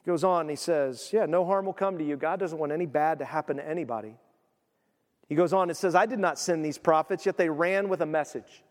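A man preaching a sermon, emphatic, swinging from quiet to loud. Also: a little high, brisk, in a large hall. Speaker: pastor.

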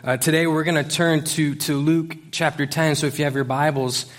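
Youth pastor, casual sermon to a congregation. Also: male voice, a little high, steady tone, moderate pace. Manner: casual, joking, many fillers. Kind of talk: conversational sermon. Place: church service before a congregation.

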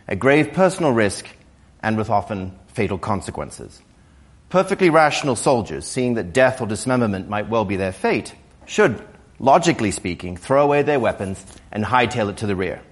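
A man with a hoarse voice from a cold, an author giving a public lecture in a museum, at times hesitant with fillers and restarts. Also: fairly low pitch.

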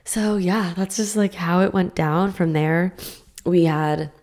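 Young female podcast host, deep with vocal fry, gushing and chatty. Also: normal speed. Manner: gushing, excited, lots of "like" fillers. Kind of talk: casual personal storytelling.

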